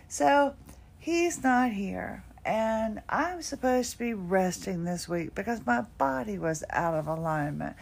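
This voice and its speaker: A middle-aged woman who hosts a podcast talks casually about her day, sounding tired and a bit drowsy as she rambles with little self-deprecating laughs. Her mid-range voice is animated yet slow, with vocal fry.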